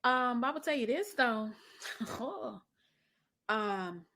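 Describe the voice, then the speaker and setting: A middle-aged woman hosting a podcast, telling a story in a chatty way, calling her listener honey and dropping into soft asides. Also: a little high, expressive, slow. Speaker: podcast host. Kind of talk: casual podcast monologue.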